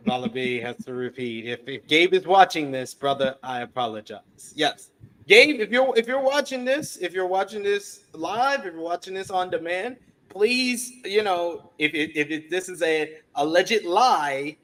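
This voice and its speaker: Chatty man with a higher voice. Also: unhurried. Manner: reads out chat comments, chatty and animated. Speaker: podcast co-host previewing wrestling card. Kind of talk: casual live-stream chat.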